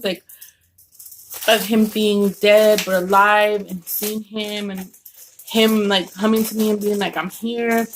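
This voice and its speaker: A vlogger eats while casually telling a story at home, her mid-range voice rambling along with lots of fillers and restarts. There's slight background noise in the recording.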